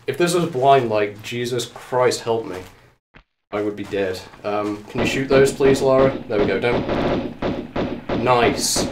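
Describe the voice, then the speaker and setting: A man streaming a game live, out of breath and excitable, talking to the character on screen and to his viewers. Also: medium pitch, takes it slowly, noisy background. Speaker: let's play streamer. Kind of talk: live gameplay commentary. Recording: echoey room, mic at a distance.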